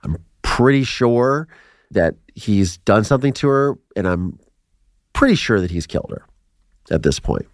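A man in his forties from Ohio, telling his life story as a podcast guest in an animated way, acting out quotes and laughing between lines. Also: on the low side, measured pace, no echo, clean studio sound. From Ohio, USA.

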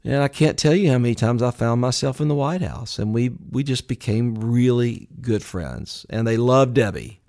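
A man's voice: mid-range voice, expressive, moderate pace, few pauses, darkish tone. A man in his sixties as an interview guest, speaking in a rambling, heartfelt way with many fillers. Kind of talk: casual interview.

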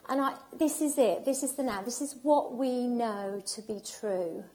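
A woman's voice: a little high, moderate pace, darkish tone. A woman giving an emotional, heartfelt personal talk at an event, speaking with emphasis and repetition.

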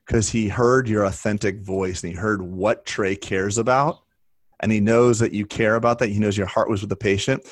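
A man's voice: on the low side, steady tone, moderate pace, no echo. A man coaching a younger colleague in a casual talk, encouraging and telling stories to make his point. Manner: encouraging, storytelling.

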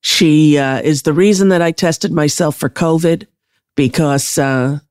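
A woman's voice: low-pitched, a little slow, a little mellow, no room sound, clean studio sound. A woman hosting a podcast in casual chat, rambling with lots of fillers and restarts. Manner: enthusiastic when introducing a guest. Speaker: podcast host.

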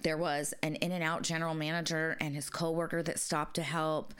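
A woman's voice: low voice, little pitch movement, normal speed, a bit bright, clear, resonant tone. A woman co-hosting a podcast, telling a story in casual chat with plenty of swearing and fillers. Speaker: podcast co-host.

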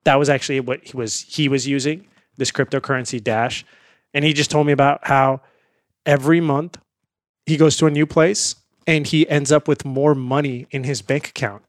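A man from India, speaking as a guest in a casual interview. He tells his story in a lively, anecdotal way and laughs easily. The recording is dry and close, with a voice of middling pitch. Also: moderate pace, dry recording.

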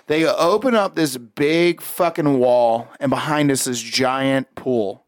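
A man telling a story in casual, profane chat, animated and swearing often. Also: mid-range voice, a little slow, clear, resonant tone, dry recording, clean studio sound.

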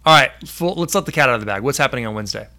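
A man's voice: medium pitch, animated, rapid-fire, sharp tone. Upbeat man hosting a live stream. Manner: upbeat, filler-heavy, reads viewer comments aloud. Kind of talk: casual live stream chat.

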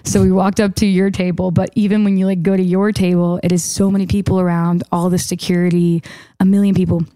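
A young adult woman, a songwriter guest on a podcast, telling a story in a quick, rambling way full of fillers. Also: fairly low pitch, level tone, warm tone. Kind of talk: casual storytelling.

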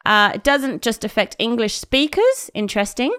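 A woman's voice: a little high, sing-song, moderate pace, a bit bright, no room sound. A woman reads out facts in a matter-of-fact way during a casual podcast chat. The recording is dry and close. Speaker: podcast co-host.

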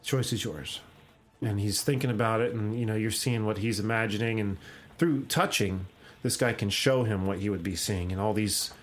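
A young adult man hosting a podcast, casually retelling a comic with laughs and quick voiced-out lines. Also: fairly low pitch, fairly even intonation, soft background music. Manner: rambling, laughs often, acts out quoted lines. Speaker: podcast host.

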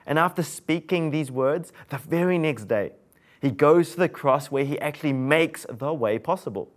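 A man's voice: fairly high pitch, moderate pace. A man, preaching an earnest sermon full of rhetorical questions to his listeners.

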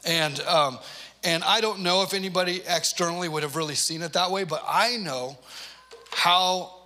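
Pastor guy in his 40s, bright punchy voice, kinda high, jokes around mid sermon. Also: normal speed. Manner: animated storytelling with playful asides.

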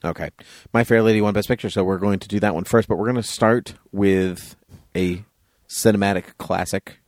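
A man's voice: fairly low pitch, fairly even intonation, normal speed, darkish tone, no echo, clean studio sound. A man hosting a podcast in casual chat, laughing often and teasing his co-host.

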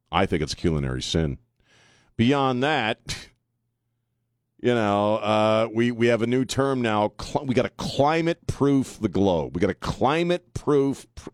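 A man's voice: medium pitch, no room sound. Male talk radio host, blunt and sarcastic, rambling monologue, dry close studio sound.

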